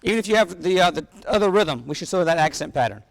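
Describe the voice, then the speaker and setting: Heard with long reverb in a large rehearsal hall, a man with a slightly high, expressive, creaky voice speaks at a quick pace. He is a clinician leading a wind band, giving energetic instruction and vocalizing rhythms on syllables.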